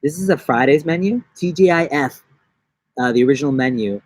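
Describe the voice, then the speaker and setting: A young man from New York chatting on a casual live stream from his backyard, rambling and joking, with bursts of silly high-pitched voices. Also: expressive, a little fast. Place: outdoors in a backyard.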